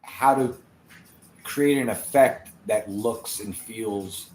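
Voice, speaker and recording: A man guesting as a magician in a casual interview, speaking haltingly with frequent restarts. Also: on the low side. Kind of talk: casual live-stream interview. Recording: echoey room, faint background noise.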